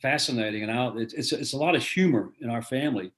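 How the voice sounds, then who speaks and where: Older man, folksy and rambling, video call chat, middle-pitched voice. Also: fast, fairly bright tone. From American South. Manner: rambling, many restarts, folksy. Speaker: guest author. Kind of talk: casual interview over video call.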